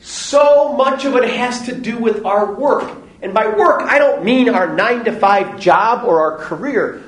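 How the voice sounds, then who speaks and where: A man giving a parish Bible study talk, animated and joking, acting out little voices in his stories. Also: very high voice, a little slow, hardly any pauses, echoey room. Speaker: parish teacher. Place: parish hall or church.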